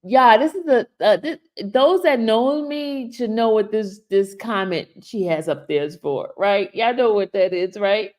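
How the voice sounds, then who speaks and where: A woman's voice: mid-range voice, animated, a little slow, a little mellow. A woman hosting a live stream, chatting casually and reading viewer comments, emotional and laughing through tears. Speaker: YouTube host.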